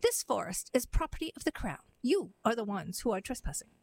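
A woman's voice: on the high side, big pitch swings, fairly quick, gravelly, a little mellow, exaggerated voice. Woman voicing an imperious queen. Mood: indignant. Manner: imperious, lecturing. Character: haughty indignant queen, woman.

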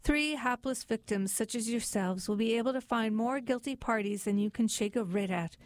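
A woman voicing a smooth, scheming male fox lawyer in a storybook, with slick sales patter. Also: a little high, normal speed, no room sound, close to an everyday voice.

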